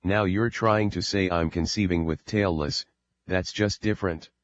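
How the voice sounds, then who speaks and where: A stubborn young man in a storybook, quick to argue, voiced by a man reading in his own low voice. The sound is dry and a little dull. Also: steady tone, no echo, lightly acted. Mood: arguing. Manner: stubborn, argumentative.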